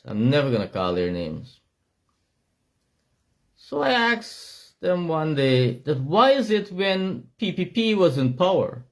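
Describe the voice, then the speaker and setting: Here a middle-aged Guyanese man, his voice a little high, shouts passionately in a Guyanese accent. The monologue is driven by forceful, repeated phrases.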